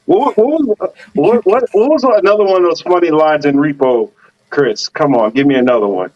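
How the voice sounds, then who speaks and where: Joking, profane podcast host, lo-fi sound. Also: male voice, on the high side, expressive, moderate pace. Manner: joking, profane, teasing the panel. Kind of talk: casual panel chat.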